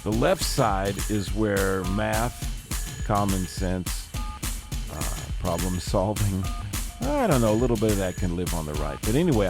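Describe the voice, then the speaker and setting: A man hosting a podcast, rambling through a casual comic monologue full of jokey, self-mocking asides. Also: on the low side. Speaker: podcast host.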